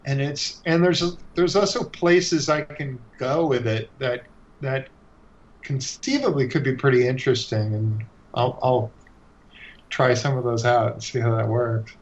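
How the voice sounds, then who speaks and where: A man chatting casually on a podcast about his own comic, relaxed, with lots of restarts and fillers. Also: medium pitch, measured pace. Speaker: comic book creator. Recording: dull lo-fi sound.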